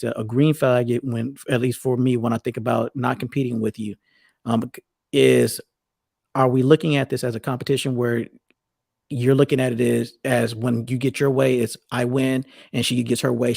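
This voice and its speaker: A man's voice: medium pitch, vocal fry, a little mellow, slightly rough, dry recording, studio quality. A middle-aged man talking casually as a podcast co-host, rambling and restarting his sentences often. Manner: rambling, many restarts and self-corrections. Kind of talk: casual conversational talk.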